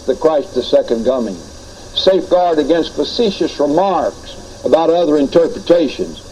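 A man's voice: a little high, warm tone, a little hiss or hum, rough recording. A man preaching a teaching sermon on doctrine, earnest and explanatory, often retelling anecdotes.

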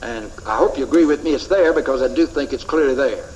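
A man's voice: medium pitch, fast talker, a little mellow, poor audio. A man teaching a Bible class, emphatic, repeating key phrases and asking rhetorical questions.

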